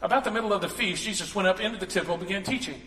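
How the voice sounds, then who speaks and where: A pastor races through a sermon to his congregation in a bright, tense, high-pitched voice. He speaks conversationally and slips into quoted voices for comic effect, all ringing around a large hall with long, roomy reverb.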